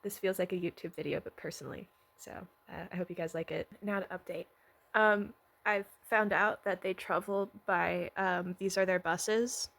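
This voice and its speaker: A woman vlogger recapping a miniseries in a casual, rambling way, excitable and swearing freely. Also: fairly low pitch, moderate pace, vocal fry.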